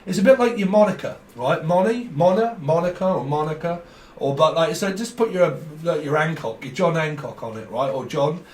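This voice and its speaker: A man giving a rambling tarot reading, talking fast, jumping between ideas and laughing often. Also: on the high side. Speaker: tarot reader. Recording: roomy sound from a distant mic.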